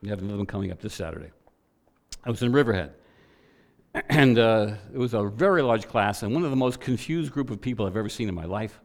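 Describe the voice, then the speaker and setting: A man preaching to a church, telling a personal story in an animated way and voicing the people in it. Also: lowish voice, fairly quick. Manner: animated storytelling with quoted voices.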